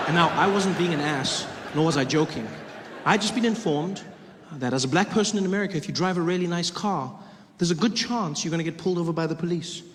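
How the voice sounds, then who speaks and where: A man from Africa, telling an animated stand-up story and acting out scenes. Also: fairly high pitch, quick pace, in a large hall, a little hiss or hum. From South Africa. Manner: animated, acts out scenes, laughs mid-story. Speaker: stand-up comedian.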